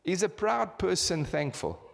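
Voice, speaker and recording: Preaching a sermon, a South African pastor in his fifties throws repeated rhetorical questions at his congregation, his fairly high voice swinging widely. He sounds sing-song, unhurried and gravelly, and the church hall rings with long reverb.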